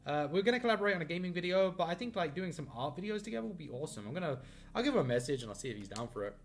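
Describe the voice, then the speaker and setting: With faint music in the background, a man streams himself drawing from his home studio, his slightly high voice sing-song and racing. The casual chatter is upbeat and rambling, heavy on fillers and self-deprecating jokes.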